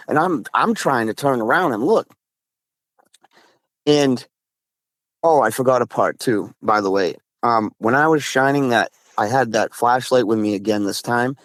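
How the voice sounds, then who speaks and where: A man's voice: medium pitch, unhurried, dry recording. Man from Massachusetts telling a story. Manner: rambling, restarts, quotes friend in dialogue. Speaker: guest telling an encounter. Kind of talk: casual storytelling.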